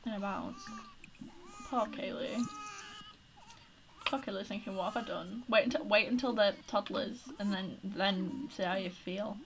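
Here a YouTuber commentates her life-simulation game at a measured pace, her medium-pitched voice creaky and broken by long pauses. She sounds chatty but flustered, scolding her characters in casual let's-play style over background noise.

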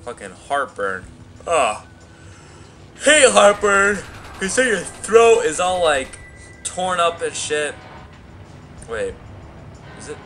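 Lively, bright-voiced profane young gamer. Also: male voice, a little high, takes it slowly, long pauses, soft background music. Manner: profane, rambling, crude trash talk. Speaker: gameplay commentator. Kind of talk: let's play commentary.

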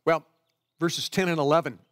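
A middle-aged pastor with a fairly high voice preaches to his church. He talks through the passage verse by verse in an easy, conversational way and stops to explain each line. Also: fairly even intonation, normal speed. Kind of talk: sermon.

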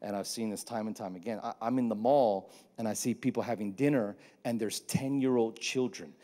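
A man, preaching a sermon with animated, humorous storytelling. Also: lowish voice, a little fast. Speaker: pastor.

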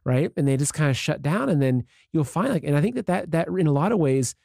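A man hosting an interview in a relaxed, conversational way, full of "like" and "you know". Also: a little high, quick pace, gravelly, dry recording, clean studio sound. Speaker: interview host. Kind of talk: casual interview talk.

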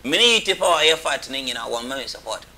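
A man's voice: mid-range voice, fast. A man, a comedian guest on a live show, bantering with sudden yelps and chants. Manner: animated, chants and yelps, mixes languages.

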